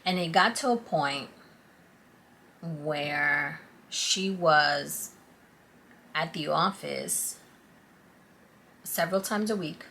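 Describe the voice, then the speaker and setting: A woman vlogger tells a personal story straight to the camera, animated and confiding. Her voice sits low and a little gravelly. A faint hiss of background noise runs under it. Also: very slow, pauses often. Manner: animated, confiding, acts out quotes.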